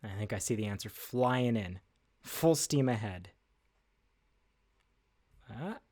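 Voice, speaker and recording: A man with a lowish, slightly mellow voice and lively intonation speaks slowly while hosting livestream trivia from behind an indoor desk. The vibe is casual, chatty, and upbeat, with plenty of fillers and self-deprecating asides.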